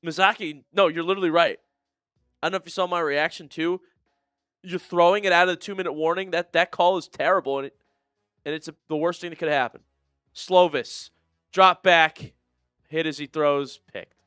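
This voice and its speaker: A man doing live play-by-play for a fan watch-party stream, swinging between shouted calls and low, disgusted muttering. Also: moderate pace, pauses often, smooth, no echo, clean studio sound, faint music behind.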